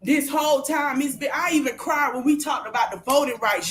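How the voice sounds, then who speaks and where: A woman podcast host vents in a heated, profane livestream rant. She repeats phrases for emphasis and breaks into shouts. Her voice sits slightly high. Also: brisk, slight background noise.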